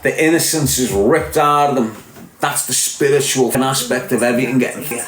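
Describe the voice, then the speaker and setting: A man's voice: medium pitch, normal speed, a crowd in the background. A man with a Liverpool accent hosting a casual livestream, rambling and emphatic, talking straight to his listeners. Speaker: podcast host. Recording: echoey room with music playing behind.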